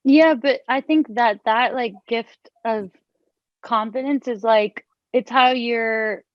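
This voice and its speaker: A woman's voice: on the high side, slow, no echo. Chatty young woman on a dull, dry call. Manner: chatty, many fillers and restarts. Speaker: author and interviewer. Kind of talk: casual chat and reading aloud from her book.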